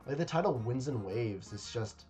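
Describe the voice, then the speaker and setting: A man talks through a game trailer in a loose, rambling way, stopping and starting with fillers and repeated words. His voice sits at a middling pitch, and faint music plays under it. He sounds like he is recorded on a home webcam setup. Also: expressive, normal speed, darkish tone. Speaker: video creator reacting to a game trailer. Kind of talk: casual reaction commentary.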